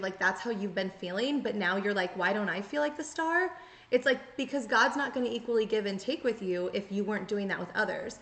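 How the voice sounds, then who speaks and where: A woman's voice: on the high side, a bit bright. A woman giving a tarot reading, talking straight to her viewers in an earnest, coaching way and acting out the thoughts she quotes. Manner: earnest, coaching, acts out quoted inner voices. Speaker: tarot reader. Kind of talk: direct-to-camera tarot reading. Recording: echoey room, faint noise.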